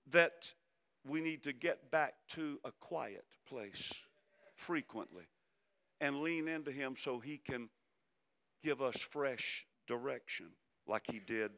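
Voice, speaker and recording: A man preaching a sermon, swinging from loud emphasis down to hushed, soft phrases. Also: mid-range voice, slow pace, long pauses. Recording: long hall reverb.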